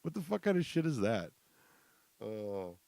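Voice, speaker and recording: A man's voice: on the low side, very animated, measured pace, creaky, mellow, dry recording. A man hosting a podcast, casually telling profane, joking work stories. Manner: profane, joking, laughing asides. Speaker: podcast host. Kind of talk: casual storytelling.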